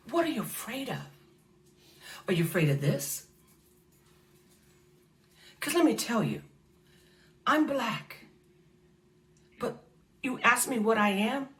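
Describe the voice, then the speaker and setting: A woman's voice: mid-range voice, fairly bright tone, recorded from a distance. A woman from the United States giving an impassioned faith talk at an awards event, preacherly and repetitive, calling listeners honey and baby.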